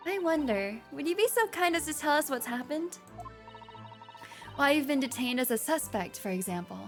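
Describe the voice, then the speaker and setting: A woman voicing a polite, composed young female judicial assistant who speaks softly and formally. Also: high-pitched, expressive, moderate pace, faint music behind, voice pushed up. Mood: courteous. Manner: soft, courteous and formal.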